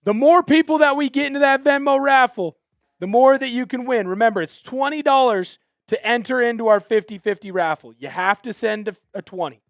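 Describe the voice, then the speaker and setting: A man hosting a fan live stream, calling plays in an excitable, chatty way and apologizing when he gets carried away. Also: very high voice, a little fast, dry recording.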